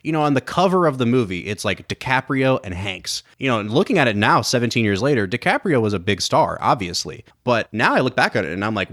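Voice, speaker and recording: A man co-hosting a film podcast, chatting casually and breaking into quick impressions of lines from the movie. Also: mid-range voice, big pitch swings, fairly bright tone. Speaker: podcast co-host.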